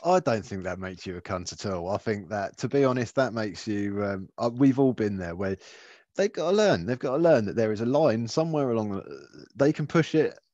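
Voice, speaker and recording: A man's voice: on the low side, very animated, moderate pace, a little mellow, no room sound, lo-fi sound. A man co-hosting a podcast in casual chat, laid-back and swearing, laughing often. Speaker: podcast co-host.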